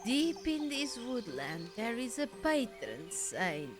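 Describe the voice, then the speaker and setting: A woman voicing a mysterious old crone who talks in a slow, hushed, coaxing way. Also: a little high, very animated. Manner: slow, hushed, drawn-out delivery. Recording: game music playing behind.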